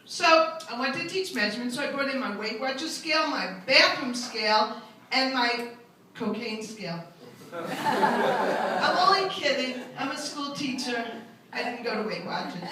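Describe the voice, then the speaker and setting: Older lady doing standup, high bright voice, very echoey room heard from a ways off. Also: animated, moderate pace, very noisy. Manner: chatty, self-mocking storyteller who hops into high character voices. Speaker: stand-up comedian. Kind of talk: live stand-up storytelling. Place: live comedy venue with an audience. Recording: very echoey room, mic at a distance.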